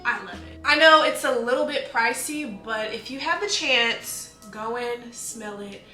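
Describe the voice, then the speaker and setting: A woman's voice: on the high side, unhurried, pushed and bright, faint music behind. A young woman reviewing her perfume collection in a casual, gushing, chatty way. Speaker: beauty vlogger. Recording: echoey room.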